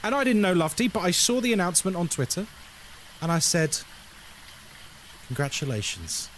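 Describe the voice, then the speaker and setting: A man's voice: sits high, fast, a little hiss or hum. A man live-streaming a horror game, chatting casually to his viewers in a joking, sarcastic, rambling way.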